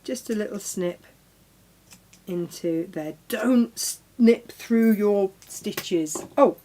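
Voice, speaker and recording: A woman's voice: mid-range voice, extremely slow, warm tone. A middle-aged woman hosting a live sewing demonstration, chatting casually, talking to her tools and exclaiming as she goes. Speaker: crafting show host.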